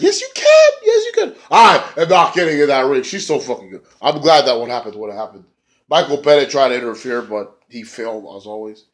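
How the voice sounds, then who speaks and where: A man casually reviewing a wrestling show, excitable and profane, rambling with fillers and jumping into high squeaky voices for quotes.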